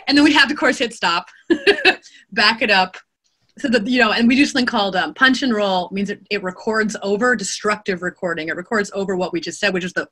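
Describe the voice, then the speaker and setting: Bright-voiced woman narrator, animated. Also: on the high side, brisk. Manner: animated, laughs often, acts out quotes. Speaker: audiobook narrator and voice actor. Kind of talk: interview conversation. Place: home studio.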